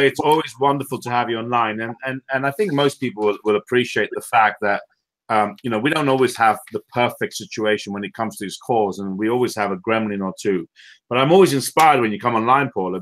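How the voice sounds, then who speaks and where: Man, call host, quick friendly chatter, mid pitch. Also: fairly bright tone. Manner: friendly, stumbles on repeated words. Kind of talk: casual call hosting.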